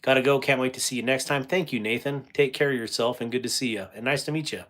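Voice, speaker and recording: A middle-aged man hosts a relaxed livestream, reading out viewer comments and answering them with easy laughs. His voice sits at an average pitch and he talks in a loose, chatty way. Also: fast. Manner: chatty, laughs often, reads chat aloud. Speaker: livestream host.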